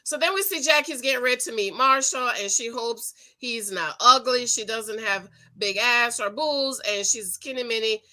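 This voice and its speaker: A woman casually recapping a reality TV episode, chatty and emphatic, talking straight to her viewers and breaking into excited outcries. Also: fairly high pitch, normal speed, hardly any pauses. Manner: bursts into excited loud outcries. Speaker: TV show recap host.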